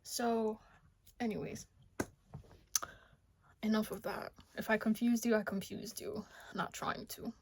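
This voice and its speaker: A young American woman talking casually to her vlog camera, a bit out of breath, often dropping to a soft half-whisper. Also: medium pitch, steady tone, slow, pauses often, a little hiss or hum. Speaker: vlogger. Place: home kitchen.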